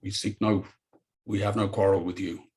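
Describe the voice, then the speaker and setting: A man voicing a calm, measured male traveler who speaks peaceably in a tabletop game. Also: lowish voice, natural voice. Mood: peaceful. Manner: measured, placating.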